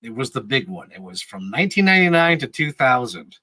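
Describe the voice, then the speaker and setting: A man in his thirties, a podcast regular, tells casual, rambling stories, laughing often and swearing freely. His medium-pitched voice swings widely in pitch and sounds brisk, bright and forceful. The recording is low quality with no room sound.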